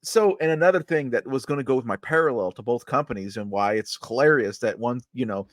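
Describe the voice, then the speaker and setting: A man's voice: mid-range voice, quick pace, no echo, clean studio sound. A man co-hosting a wrestling podcast, talking casually and analytically, with profanity and ums. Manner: laid-back analytical, profane, with filler ums. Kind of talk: casual chat.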